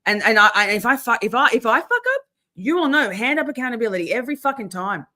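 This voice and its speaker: A woman's voice: fairly high pitch, big pitch swings, fast talker, pushed and bright. A woman hosting a livestream, ranting in a profane, fired-up way in casual chat. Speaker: livestream host.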